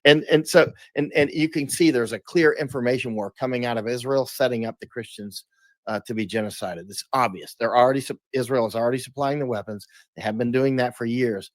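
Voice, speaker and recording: A man's voice: mid-range voice, fairly quick, no echo. A man talking as an interview guest, emphatic, often restarting and repeating words. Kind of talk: casual interview talk.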